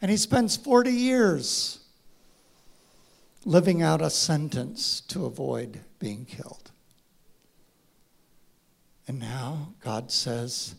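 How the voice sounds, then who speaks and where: A man preaching a sermon, acting out dialogue in a dramatic voice that drops to a hush and rises to a shout. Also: fairly high pitch, gravelly, breathy edge. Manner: dramatic, acts out voices, swings from hushed to shouting. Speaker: pastor.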